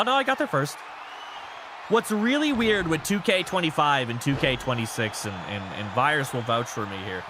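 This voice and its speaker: Excitable high-voiced gaming streamer. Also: male voice, slight background noise. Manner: excitable, swears, baby-talks to pets. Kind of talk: casual gaming commentary.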